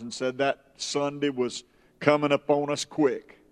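A man preaching a sermon, slow and emphatic, rising high when stirred. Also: level tone, smooth. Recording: long hall reverb.

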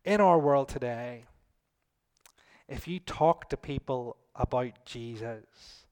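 Animated man preaching a sermon. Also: measured pace, smooth. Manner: animated, swings between loud emphatic lines and soft low asides.

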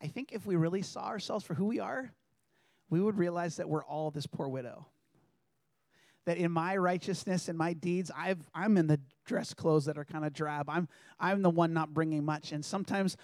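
Male preacher, slightly high voice, earnest and chatty delivery, dry close sound. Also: darkish tone, dry recording. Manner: earnest, conversational, reads scripture aloud. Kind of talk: sermon.

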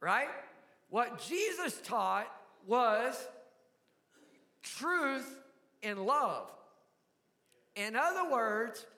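A man's voice: very high voice, sing-song, extremely slow, long pauses, sharp tone, in a large hall. An older man with a Southern US accent preaching a sermon, folksy and asking the congregation questions. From American South. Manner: folksy, asks the crowd questions. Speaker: pastor.

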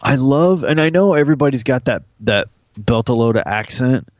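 A man chatting casually about a TV series, animated and crude, joking with his co-host. His voice sits in a middling register. The recording is dry, with a slightly dull, lo-fi sound. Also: medium pitch, normal speed, dry recording. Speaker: podcast co-host. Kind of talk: casual TV recap chat.

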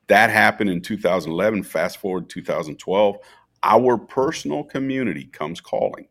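A man's voice: fairly low pitch, normal speed. A middle-aged man from Minnesota, a festival founder telling stories as a podcast guest and acting out the dialogue. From Minnesota, USA. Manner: animated storyteller, acts out quoted dialogue. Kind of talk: storytelling interview.

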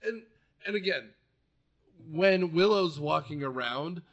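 A man's voice: on the high side, expressive, slow pace, fairly bright tone, muffled recording. A man co-hosting a casual movie podcast, joking and rambling through his points. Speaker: podcast co-host.

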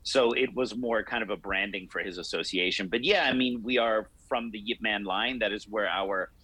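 Husky-voiced man explaining at length. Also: fairly low pitch, sharp tone, no room sound, low-quality recording. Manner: explanatory, measured, laughs easily. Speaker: martial arts teacher. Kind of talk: interview answers.

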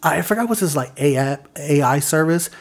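Brisk and expressive, a man with a highish voice co-hosts a casual podcast. He works through news items aloud, tripping over words and using plenty of fillers.

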